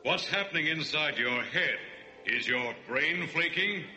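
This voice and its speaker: Pompous alien boss, slow dry delivery, bright voice, lively pitch. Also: male voice, exaggerated voice. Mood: stern. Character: stern, portly male alien leader.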